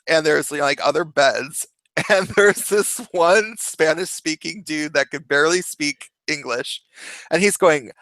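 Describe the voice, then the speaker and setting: A man hosting a casual chat stream, telling stories in a rambling, halting way. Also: fairly high pitch, a bit bright, no room sound. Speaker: stream host.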